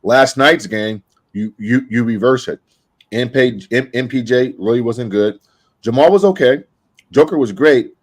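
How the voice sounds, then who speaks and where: A man co-hosting a basketball podcast, explaining plays in a measured, analytical way. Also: mid-range voice. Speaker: podcast co-host. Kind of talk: casual sports analysis.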